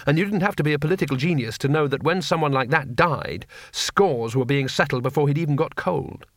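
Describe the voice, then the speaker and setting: A man reading an audiobook in a wry, expressive narration. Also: on the high side, fairly quick, dry recording, studio quality. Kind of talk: scripted narration.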